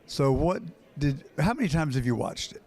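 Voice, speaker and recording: Man presenter on location, fairly high voice, asks leading questions. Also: sing-song, normal speed, darkish tone. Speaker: host and interviewer. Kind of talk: on-location interview. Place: hotel conference in a city.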